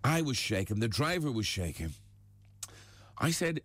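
A male breakfast radio host, telling tall tales with deadpan punchlines in a studio. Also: mid-range voice, a little slow. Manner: lively storyteller, deadpan punchlines. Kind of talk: joke-telling radio banter.

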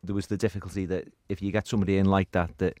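A man on a football podcast panel, speaking in a measured, thoughtful way with hedges. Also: deep voice, level tone, a little mellow, dry recording. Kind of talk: casual football chat.

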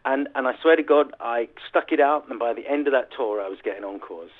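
A man's voice: medium pitch, fairly quick. A middle-aged man from England, a musician guest telling self-mocking anecdotes in a casual interview. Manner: chatty storyteller, self-mocking. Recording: tinny phone line.

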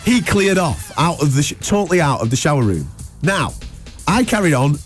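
A man's voice: a little high, big pitch swings, moderate pace, soft background music. A man, hosting a breakfast radio show and telling a funny story with plenty of laughs. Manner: laughing storyteller, acts out voices. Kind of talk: animated anecdote telling.

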